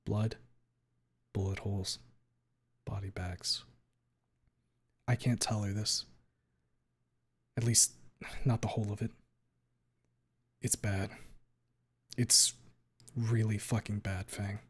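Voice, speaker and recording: Man quietly reading a story aloud. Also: on the low side, steady tone, takes it slowly, pauses often, husky. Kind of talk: dramatic first-person story reading.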